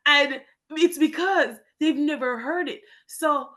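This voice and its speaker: A woman's voice: on the low side, lively intonation, moderate pace, a bit bright. A young adult woman with a Jamaican accent, a guest English teacher telling stories in a chatty way. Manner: chatty, laughing storyteller. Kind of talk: casual chat.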